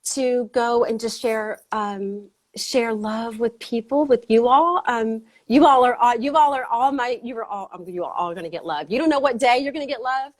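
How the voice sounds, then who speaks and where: A woman hosting a casual motivational livestream on a video call, out of breath, excited and rambling with many fillers. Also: on the high side, normal speed, hardly any pauses. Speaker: host.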